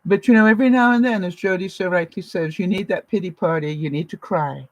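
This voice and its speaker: A woman's voice: on the low side, fast talker, no room sound, low-quality recording. A woman from Canada hosting a live vlog, giving viewers an encouraging, motherly pep talk. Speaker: vlogger host. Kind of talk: live-stream chat with viewers.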